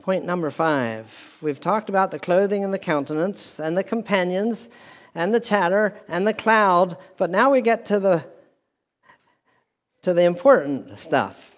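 An animated pastor preaches a sermon slowly and deliberately, his voice a little higher than most men's. He repeats key phrases and restarts lines, and a long hall reverb suggests a church with a speaker system.

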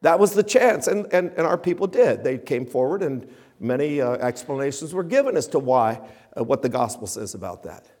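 A man's voice: medium pitch, lively intonation, fairly quick, a little mellow. A man preaching a sermon with emphatic, rising and falling delivery. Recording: long reverb of a hall.

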